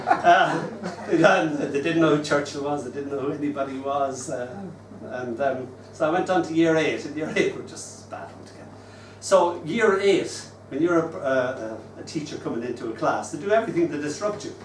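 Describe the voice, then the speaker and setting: A man in his sixties reads his poetry at an open mic, telling stories with wistful, gentle humour. His voice sits slightly high and comes from some way off the mic. The room is roomy and echoing, with a faint ambient hum. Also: normal speed, hardly any pauses, far from the mic. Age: 60s. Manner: wistful, gently humorous storytelling. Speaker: poet and open mic host. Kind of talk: live poetry reading. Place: live open mic venue.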